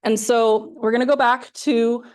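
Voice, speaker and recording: A woman's voice: on the high side, fairly even intonation, unhurried, darkish tone. A woman giving an academic workshop lecture, explaining carefully with frequent fillers and self-corrections.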